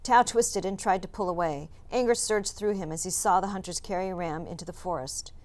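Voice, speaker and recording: A woman teacher reading a chapter book aloud, narrating in a calm, measured way. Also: on the low side. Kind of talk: storybook read-aloud narration.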